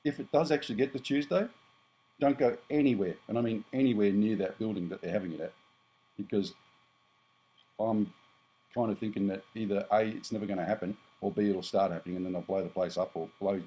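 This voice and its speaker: In a rough recording, a fiftysomething Australian prepper speaks casually to camera, blunt and rambling, often stopping to correct himself. His voice is on the low side, warm and husky.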